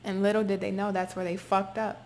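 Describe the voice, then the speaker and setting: A woman reading tarot for her viewers in a forceful, repetitive way. She drops casual swearing into the reading and talks at a middling pitch. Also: little pitch movement, brisk. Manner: emphatic, repetitive, swears freely. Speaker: tarot reader. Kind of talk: spoken tarot reading to camera.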